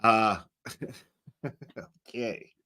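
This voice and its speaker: A man hosting a reaction video, giving mocking commentary with drawn-out sarcastic delivery. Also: fairly low pitch, steady tone, bright, forceful tone, clean tone.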